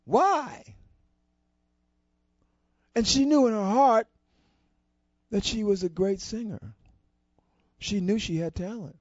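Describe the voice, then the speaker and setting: A man telling a motivational story to an audience, expressive and with deliberate pauses. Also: sits high, no echo. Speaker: storyteller at a society program. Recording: dull lo-fi dry recording.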